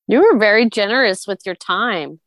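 A woman's voice: medium pitch, lively intonation, normal speed, a bit bright, no echo, clean studio sound. A woman hosting a podcast, chatting and prompting her guest in a friendly way. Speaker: podcast host. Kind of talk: casual interview chat.

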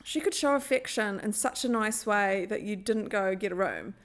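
A woman's voice: medium pitch, normal speed. A woman, chatting casually as a podcast co-host and acting out quotes as she tells stories. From New Zealand. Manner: animated storyteller acting out quotes. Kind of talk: casual chat.

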